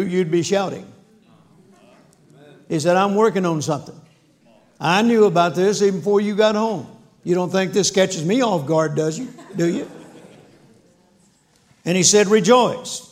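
Gravelly folksy preacher man. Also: a little high, a little mellow. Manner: folksy, humorous, acts out dialogue. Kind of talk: storytelling sermon. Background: audience laughter.

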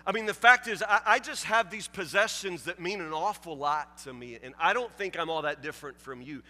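A man's voice: high voice, brisk, pushed and bright, in a large hall. A man preaching a sermon as pastor, asking rhetorical questions with frequent stammered repetitions and casual asides. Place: church sanctuary.

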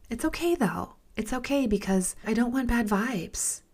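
A woman's voice: a little high, animated, normal speed, hardly any pauses, darkish tone, breathy edge. A woman hosting a podcast, telling a personal story in a candid, emphatic way, repeating words for stress, often dropping to a whisper and speaking to listeners as "you guys.". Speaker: podcast host.

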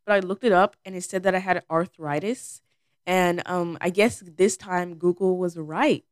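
A teenage girl talks through her own episode in a loose, meandering way, dropping "like" and "um" all the time. Her voice sits a little low for a girl and sounds smooth and clean. The recording is close and dry, with no room sound. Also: fairly even intonation, normal speed, no room sound. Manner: chatty and rambling, many "like"s and "um"s. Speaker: podcast host. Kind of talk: casual personal monologue.

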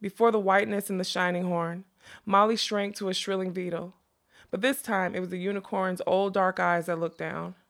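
Gravelly-voiced woman narrating a fantasy novel. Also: mid-range voice. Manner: measured, expressive storytelling. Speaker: audiobook narrator.

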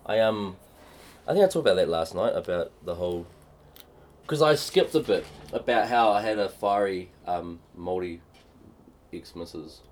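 A young man, co-hosting a casual podcast chat and telling animated stories full of laughter and put-on voices. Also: low voice, moderate pace, slight background noise. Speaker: podcast co-host. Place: home studio in a shed.

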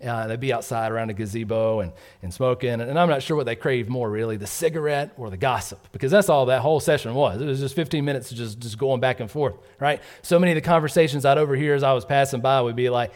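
A man's voice: medium pitch, quick pace, few pauses. A middle-aged man preaching a sermon, who asks "right?" again and again and acts out the voices of gossipers as he goes.

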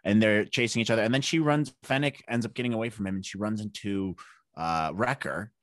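A man co-hosting a podcast in casual chat, joking and animated, often laughing and jumping his pitch up for emphasis. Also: a little fast. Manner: joking, animated, jumps into silly voices and laughs. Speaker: podcast co-host.

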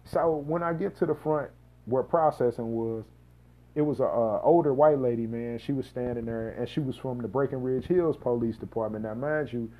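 A man's voice: mid-range voice, moderate pace, dark tone. A man from Missouri casually telling a personal story on his podcast, rambling and slangy with lots of asides. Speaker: podcast host.

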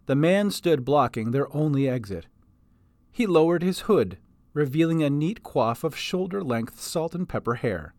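A man narrating his homemade audio story, lively and scripted. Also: a little high, measured pace, no room sound. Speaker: podcast storyteller. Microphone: home recording setup.

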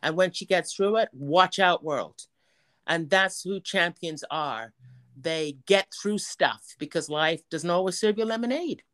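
A woman's voice: fairly low pitch, a little slow, a bit bright. A woman hosting a podcast, speaking effusively and affectionately to her guest in casual chat. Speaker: podcast host.

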